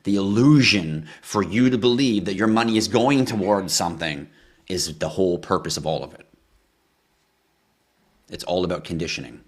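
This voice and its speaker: A man hosting a livestream, answering chat questions in a ranting style with swearing and sudden bursts of yelling. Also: deep voice, moderate pace, husky.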